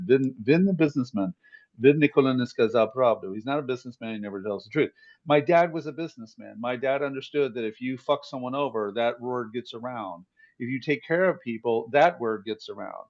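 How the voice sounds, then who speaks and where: A man's voice: mid-range voice, muffled recording. A male host chatting casually and conversationally, swapping family stories with his guest. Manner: relaxed, conversational, laughs easily. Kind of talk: casual interview chat. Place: in Kyiv.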